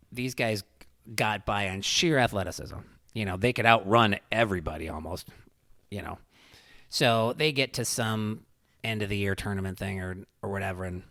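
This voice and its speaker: A man's voice: fairly low pitch, a bit bright, no room sound, studio quality. A man telling a long story in casual chat, rambling and profane, with many "you know"s.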